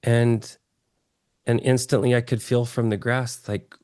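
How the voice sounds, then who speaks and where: A man from Texas telling his story as an interview guest, earnest and excitable, often restarting his phrases. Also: medium pitch, a little slow, no room sound, clean studio sound. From Texas, USA.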